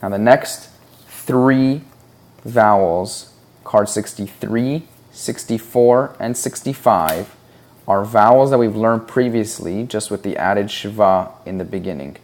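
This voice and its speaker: Low-voiced guy teaching hebrew reading, real slow and patient, sounds out each syllable. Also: a little mellow. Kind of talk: slow, deliberate instructional explanation.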